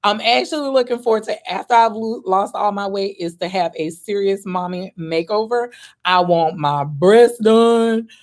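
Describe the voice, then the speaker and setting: A woman's voice: medium pitch, darkish tone. Chatty woman in her forties. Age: 40s. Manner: chatty and candid, laughs easily, pauses with ums; gives herself a pep talk with "girl" and "baby". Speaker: vlogger answering questions. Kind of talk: casual chat.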